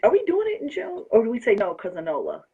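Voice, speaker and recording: A woman's voice: fairly high pitch, wildly swooping pitch, quick pace, warm tone, husky, highs cut off. A woman hosting a casual talk, effusive and often laughing as she gushes. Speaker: host. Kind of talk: excited casual chat.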